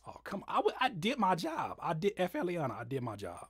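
A man, a rapper and producer, singing short choir takes and muttering quick asides about the session in his music studio. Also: high-pitched, wildly swooping pitch, distant mic. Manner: sings short harmony takes between quick mumbled asides. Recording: roomy, off-mic, loud music behind. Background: loud keyboard and organ music.

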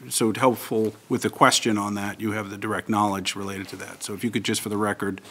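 A man chairing a public hearing on a table microphone, speaking in a formal, measured, procedural way. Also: on the low side, flat delivery, fairly bright tone. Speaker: meeting chair.

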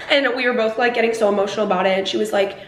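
A young woman in her twenties from New Jersey, USA, chats to the camera in a casual, rambling vlog, saying "like" a lot. She's a vlogger with a mid-range voice and a racing pace.

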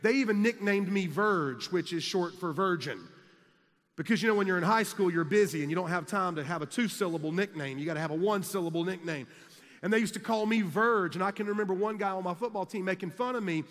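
A man, telling jokey stories in an energetic sermon to students in a large conference hall. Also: high voice, fast. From South Carolina, US. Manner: energetic, jokey, builds to shouts. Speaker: youth conference speaker. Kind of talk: humorous storytelling sermon.

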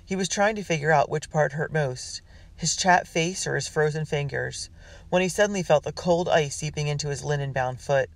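A man's voice: fairly high pitch, moderate pace, creaky, no room sound. A man narrating a children's adventure story, reading steadily with small slips and restarts. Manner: reads with small slips and restarts, voicing characters. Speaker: audiobook narrator. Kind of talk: scripted narration.

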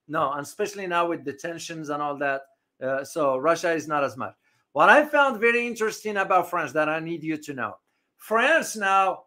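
A man's voice: high-pitched, pushed and bright. A man hosting a live geopolitics stream, talking off the cuff with lots of fillers and answering viewers in the chat. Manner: reads out chat comments, rambling with many fillers. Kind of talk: unscripted live-stream commentary.

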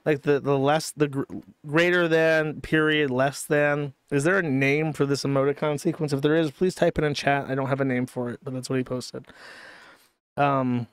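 Male stream host, slightly high and crisp, dry close sound, casual profane sardonic delivery. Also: steady tone, moderate pace, dry recording. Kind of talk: commentary stream.

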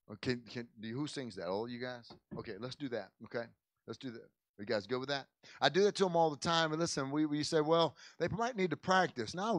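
A man's voice: mid-range voice, no echo. A man, a pastor, speaking casually to his congregation in a church service, stumbling over and repeating words as he talks and prays. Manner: folksy, repeats and restarts words often, says "man" and "amen". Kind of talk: informal church service talk and prayer. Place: church sanctuary.

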